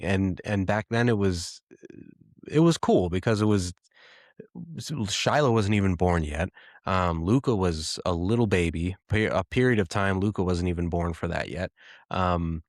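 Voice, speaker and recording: Reflecting on a personal story, a very low-voiced podcast host in his thirties speaks haltingly, with frequent pauses and restarts. The sound is close and dry, carrying no room sound.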